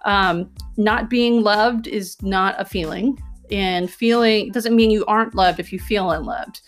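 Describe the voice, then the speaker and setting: A woman's voice: medium pitch, measured pace, faint music behind. A woman hosting a self-help podcast, talking earnestly and coaching her listeners, often checking in with "okay?" and "right?". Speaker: podcast host.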